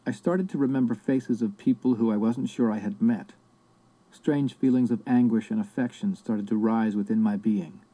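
A man narrating a book in the first person in a measured, reflective way. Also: mid-range voice, mellow, rough recording. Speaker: audiobook narrator.

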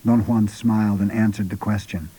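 A man narrating an audiobook in a measured, unhurried reading. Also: lowish voice, fairly even intonation, dark tone, breathy edge, poor audio.

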